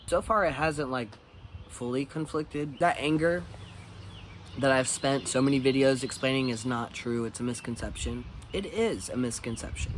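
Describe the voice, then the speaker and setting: A man's voice: mid-range voice, a little hiss or hum. A man talking candidly in a casual vlog monologue, blunt and swearing freely. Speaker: vlogger.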